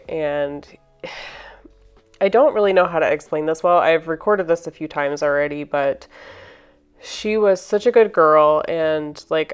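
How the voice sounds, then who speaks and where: A woman recording a voiceover for her painting video, talking in a halting, emotional way with sighs and restarts. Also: low-pitched, clean tone. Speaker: painting vlogger.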